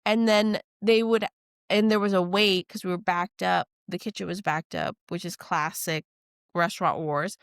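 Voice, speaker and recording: A woman from New Orleans, a guest chef telling stories in a casual podcast chat. She swears freely and acts out other people's lines with lively quoting. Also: fairly low pitch, normal speed, gravelly, no room sound, studio quality. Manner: animated storytelling, acts out quotes, swears freely.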